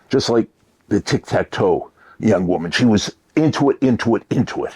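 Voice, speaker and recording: A man giving a motivational talk, shifting between loud emphasis and near-whispered asides. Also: lowish voice, lively intonation, normal speed, breathy edge. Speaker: motivational speaker.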